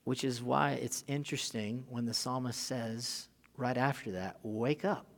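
A man preaching a sermon as pastor, shifting between casual asides and loud, emphatic scripture reading. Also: medium pitch, a little slow, gravelly. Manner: animated, rising to loud emphatic peaks when reading scripture; casual asides with filler and restarts. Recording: long hall reverb.

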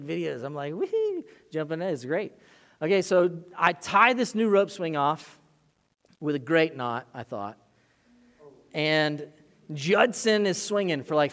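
Pastor, man, 30s: sermon with animated storytelling, loud to hushed, slightly high voice, long church-hall reverb.

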